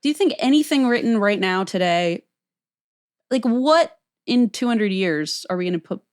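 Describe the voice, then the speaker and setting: A young woman co-hosting a comedy podcast, reading reviews aloud with a wry, deadpan delivery and laughing often. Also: medium pitch, normal speed, no room sound, studio quality. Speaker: podcast co-host.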